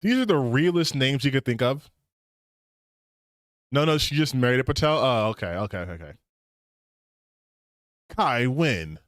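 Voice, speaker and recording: A man's voice: mid-range voice, expressive, moderate pace, long pauses, no room sound, studio quality. A man streaming casual reaction commentary, sarcastic and incredulous, repeating his points for emphasis.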